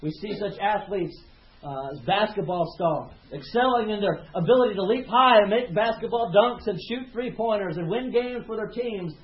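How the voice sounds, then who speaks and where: Man, pastor, impassioned sermon, repeats words, high voice, roomy sound. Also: moderate pace. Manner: impassioned preaching, repeats words and builds in volume. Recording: roomy, slightly dull sound.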